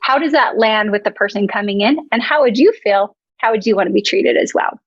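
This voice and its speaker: A woman's voice: mid-range voice, fairly quick, husky, dry recording, highs cut off. A woman coach telling a frank, self-mocking story in a casual workshop chat. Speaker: dental practice coach.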